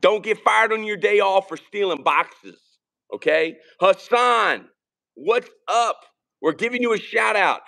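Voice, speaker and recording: A man from Virginia, co-hosting a casual podcast stream and rambling through shout-outs and jokes. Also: high voice, expressive, a little slow, vocal fry. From Richmond, Virginia. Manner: rambling, shouting out viewers, joking. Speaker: podcast co-host. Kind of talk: casual live-stream chat.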